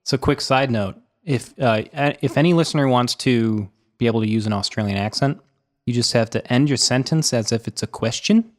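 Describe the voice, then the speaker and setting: A man's voice: medium pitch, a little fast. A man co-hosting a casual podcast chat, explaining at an easy pace with a few fillers. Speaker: podcast co-host.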